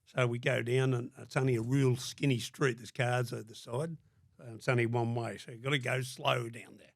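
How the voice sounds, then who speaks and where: A man's voice: mid-range voice, steady tone, moderate pace, creaky, dry recording, studio quality. An older man with an Australian accent from Sydney, telling stories as a podcast guest in a blunt, heavily profane way. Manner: blunt, heavy swearing, acts out quoted dialogue. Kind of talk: casual storytelling.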